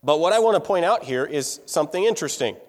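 A fast-talking man with a slightly high voice and lively intonation gives a music lecture in a large hall. He keeps things casual and conversational, questioning the people in the room.

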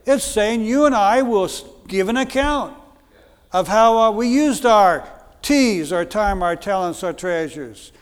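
Speaking a little slowly in an animated, high-pitched and clean voice, a middle-aged man from the United States gives a guest sermon. He is earnest, repeats himself and uses many fillers, with long hall reverb around him.

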